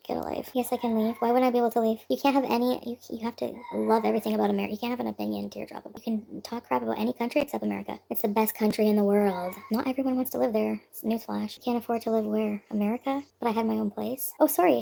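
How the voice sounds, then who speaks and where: A woman's voice: on the high side, vocal fry, warm tone, low-quality recording. A woman from Canada livestreaming, answering chat comments in a defensive, dismissive way. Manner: defensive, dismissive, brushes off critics.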